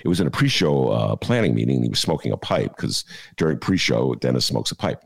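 Lively-pitched joking male podcast host. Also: fast, vocal fry, husky. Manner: jokey, digressive, full of filler "uh"s; slips into mock voices and laughs at his own jokes. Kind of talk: rambling comic chat.

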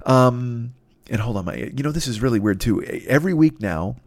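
A man's voice: medium pitch, expressive, moderate pace, dry recording. A man hosting a podcast alone, rambling in a profane, self-deprecating way, tired and a little stuffed up. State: stuffy nose, tired and yawning. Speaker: podcast host. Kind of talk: solo rambling monologue.

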